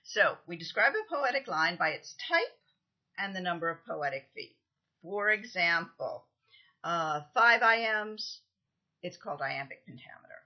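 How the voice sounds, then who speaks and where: A woman lecturer giving a recorded lesson, explaining things patiently, counting out stresses and often pausing with "um". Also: on the low side, big pitch swings, muffled recording. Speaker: literature lecturer.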